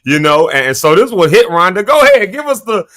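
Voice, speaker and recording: Bright-voiced jovial male show host. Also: sits high, sing-song, fairly quick. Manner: jovial, laughing often. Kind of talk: casual talk show chat.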